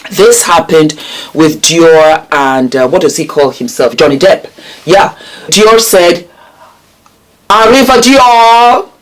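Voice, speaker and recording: A woman's voice: low-pitched, expressive, slow. A woman vlogger reading celebrity news aloud and breaking off for emphatic, sassy asides to her viewers.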